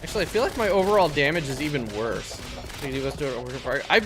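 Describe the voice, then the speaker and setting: A man's voice: on the high side, very animated, a little fast. A young man casually chatting and swearing while he streams a game. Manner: chatty, swears often, rambling. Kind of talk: casual gameplay commentary. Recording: game music behind.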